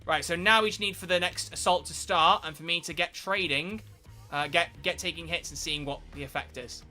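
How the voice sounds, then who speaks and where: A man giving live, excitable gameplay commentary as a streamer, swearing and bursting into shouts. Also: a little high, brisk, soft background music. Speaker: game streamer.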